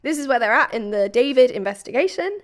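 A woman hosting a true crime podcast, telling the story in a casual, animated way with quoted voices. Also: sits high, quick pace. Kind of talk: casual chat.

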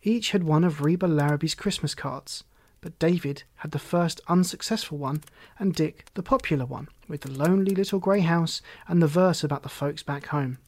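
A man narrating an audiobook in a calm, steady storytelling manner. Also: fairly high pitch, normal speed. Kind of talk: scripted narration.

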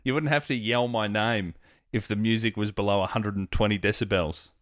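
A man's voice: on the low side, fairly even intonation, a little fast, fairly bright tone, dry recording, clean studio sound. A man, co-hosting a podcast, throwing in mocking quips and laughing often. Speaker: podcast co-host. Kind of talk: comedic banter.

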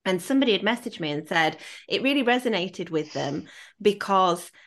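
A woman with a Yorkshire accent, hosting a podcast interview and sharing her thoughts in a measured, empathetic way. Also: medium pitch, expressive, fairly bright tone. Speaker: podcast host.

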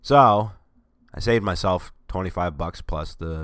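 A man's voice: deep voice, a little slow, a bit bright, no room sound. A man with a cold, voice strained, chatting casually in a sarcastic, rambling, self-mocking way. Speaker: vlogger. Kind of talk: casual chat.

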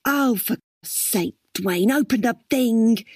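A woman voicing a scornful, sharp-tongued scheming woman with a shrill, bossy manner in a storybook reading. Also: takes it slowly, slightly rough, dry recording, studio quality.

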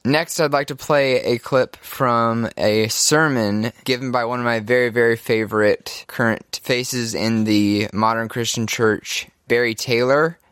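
A man's voice: medium pitch, fairly even intonation, unhurried, few pauses, fairly bright tone, clean tone, no echo, clean studio sound. A man hosting a podcast, introducing a clip in an easygoing, casual way. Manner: easygoing, with fillers. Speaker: podcast host.

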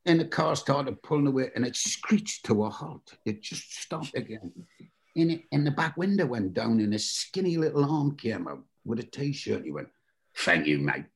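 Gravelly Geordie man telling stories. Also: medium pitch, moderate pace. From North East England. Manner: animated, acts out other voices in quotes. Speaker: guest. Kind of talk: anecdotal storytelling.

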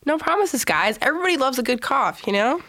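A young woman co-hosting a casual podcast, her voice croaky from a virus, chatty and self-mocking with lots of "like". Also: on the high side, very animated, fast talker, noisy background. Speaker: podcast co-host. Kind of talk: casual chat. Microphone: headphones and studio mic.

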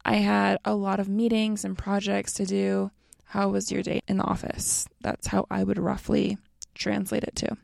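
A young American woman explains a lesson in a slow, relaxed and friendly way. Her voice has a strong gravelly fry and a mellow, warm tone. The recording is close and dry. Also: mid-range voice, no echo. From North America. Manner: slow, relaxed and friendly, addresses listeners as you guys. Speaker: language teacher.

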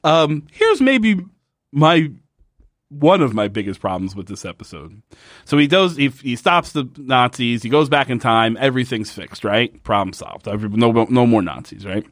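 A man's voice: normal speed, no echo, clean studio sound. A man co-hosting a podcast, chatting casually and sarcastically about a TV episode. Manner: animated, sarcastic, jumps up in pitch when mocking. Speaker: podcast co-host. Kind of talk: casual chat reviewing a TV show.

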